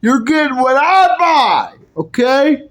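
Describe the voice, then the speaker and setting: A bossy, exasperated mother figure snaps out curt scoldings, as a woman puts her on. She talks slowly and firmly in a fairly high voice. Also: sing-song, full character voice.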